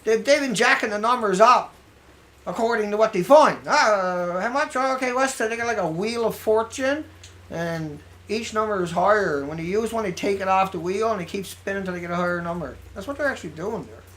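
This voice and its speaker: Sarcastic vlogger, bright sharp voice, rambles through headlines. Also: mid-range voice, fairly quick. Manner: rambling, sarcastic, mutters asides to self. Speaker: video blogger. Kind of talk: casual commentary reading news headlines.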